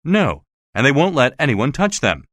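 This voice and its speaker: A man's voice: medium pitch, sing-song, normal speed, fairly bright tone, dry recording, clean studio sound, pitched above the performer's own voice. A man voicing an insistent, suspicious male theater official who keeps pressing questions, in a storybook reading. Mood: demanding.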